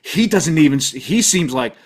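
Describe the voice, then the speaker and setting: A man with a Pittsburgh accent in a casual sports chat, rambling and laughing as he acts out goofy bits. His voice sits a little high for a man. He keeps the talk loose and jokey. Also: lively intonation, normal speed, breathy edge. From Pittsburgh area. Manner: rambling, laughs often, acts out silly dialogue. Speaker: podcast co-host.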